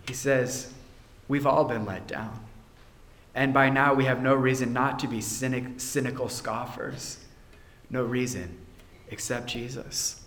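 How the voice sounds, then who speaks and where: Man preaching a sermon in an echoing church. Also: mid-range voice. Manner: earnest preaching, drops to a quiet intense tone on key points. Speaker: pastor. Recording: roomy church echo.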